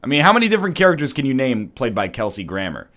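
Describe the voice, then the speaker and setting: Canadian guy, playful gaming commentary, lively pitch swings. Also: rapid-fire. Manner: rambling, jokey, sarcastic. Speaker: let's play streamer.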